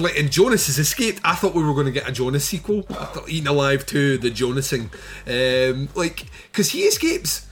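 Guy ranting about a movie on a podcast, laughs a lot, swears, voice bouncing all over, a bit high, faint music behind. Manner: animated, laughing, swears freely. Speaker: podcast co-host reviewing a film. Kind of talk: casual chat.

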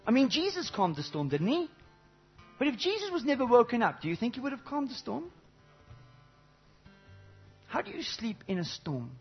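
A man preaching a sermon to a congregation, animated, swinging between loud exclamations and low intimate asides, with many rhetorical questions. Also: moderate pace, long pauses, husky, dull audio, soft background music. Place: church service before a congregation.

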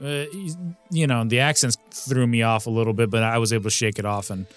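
A man on a podcast talks about a film in a loose, rambling way, circling back and restarting his sentences. His voice sits at an ordinary pitch, and faint music plays underneath. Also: fairly even intonation, fairly quick. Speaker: podcast co-host. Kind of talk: casual movie discussion.

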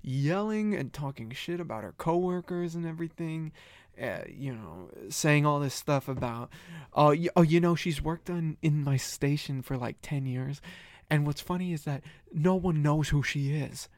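A man co-hosting a podcast, telling stories in an animated way, laughing often and acting out what people said. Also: fairly high pitch, normal speed, dry recording. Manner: animated storytelling, laughs often, acts out quotes. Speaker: podcast co-host. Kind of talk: casual chat.

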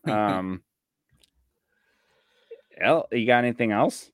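A man co-hosting a fantasy football podcast, chatting casually and joking with animated outbursts. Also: on the low side, slow pace, smooth, no echo, studio quality. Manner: animated, jokey. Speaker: podcast co-host. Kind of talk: casual chat.

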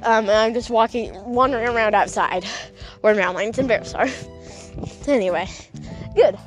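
A woman's voice: on the high side, normal speed, faint music behind. Giggly rambling woman telling a story. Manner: rambling, giggly, full of fillers like "like". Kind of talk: casual vlog storytelling. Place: outdoors at night.

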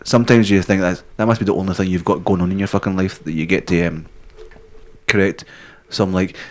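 Fast-talking Scottish man, foul-mouthed. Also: sits low, steady tone. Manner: swears constantly, rambling, jokey. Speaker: podcast co-host. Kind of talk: crude casual chat.

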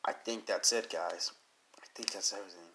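A man with a fairly low voice hosts his solo podcast while sick with a cold, and he needs to blow his nose. He rambles casually and leans on fillers. His talk is earnest and encouraging. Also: steady tone, moderate pace, background noise. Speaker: podcast host.

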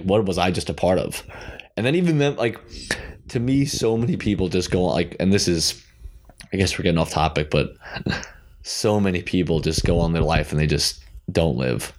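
A man hosting a podcast, telling a story casually with lots of restarts and fillers. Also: low voice. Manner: rambling, with many restarts and fillers. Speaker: podcast host.

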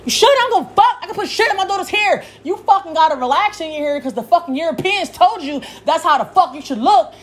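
Heated high-pitched young woman ranting. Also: expressive, fast talker, hardly any pauses. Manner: heated, cursing freely, yelling at times. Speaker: podcast host. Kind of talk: profane rant.

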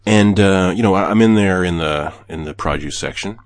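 Laid-back low-voiced man telling a story. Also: moderate pace, no room sound. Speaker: podcast co-host. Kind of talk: casual chat.

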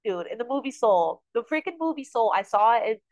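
A woman's voice: a little high, lively intonation, brisk, a little mellow, dry recording, poor audio. A woman hosting a podcast, talking earnestly and a bit rambling about her spiritual life. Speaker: podcast host. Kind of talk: casual spiritual talk.

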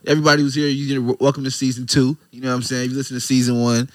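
A man's voice: mid-range voice, level tone, racing, no echo. A man co-hosting a podcast in loose, joking casual chat, laughing often. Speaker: podcast co-host.

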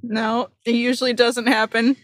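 A woman co-hosting a casual chat podcast, laid-back and quick to laugh. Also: a little high, flat delivery, no echo. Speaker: podcast co-host.

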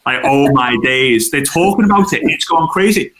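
Bright, echoey man telling stories. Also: fairly high pitch, normal speed, a little hiss or hum. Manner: chatty, animated anecdotes with acted-out quotes. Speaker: guest. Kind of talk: casual interview storytelling. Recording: roomy echo.

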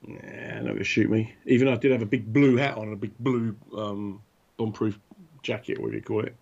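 A man telling animated anecdotes in casual chat, acting out the voices of the people in his stories. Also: on the low side, brisk, creaky. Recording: dull lo-fi sound.

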